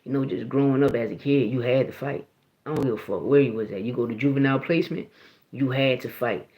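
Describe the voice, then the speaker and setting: A man's voice: mid-range voice, fast, highs cut off. Rambling Philly man in an echoey room. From Philadelphia, USA. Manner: profane, rambling, with many restarts and "you know what I mean". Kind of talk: casual storytelling.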